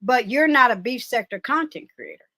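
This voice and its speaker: High, bright-voiced woman, blunt and animated. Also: moderate pace, dry recording. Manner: blunt, animated, profane streaming talk. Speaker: guest commentator. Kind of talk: casual chat.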